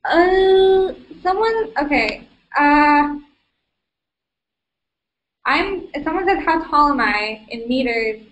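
A young woman with a high voice chats through a live question-and-answer stream, stumbling over fillers and laughing easily. The recording is a low-quality stream copy. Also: expressive, takes it slowly, long pauses. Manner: chatty, filler-heavy, giggly. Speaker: livestream host. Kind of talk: casual live Q&A.

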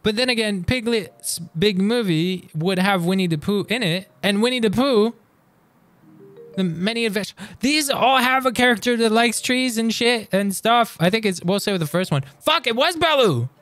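A man streaming live and chatting casually through a quiz, excitable and quick to swear as he reads lyrics aloud. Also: high voice, soft background music.

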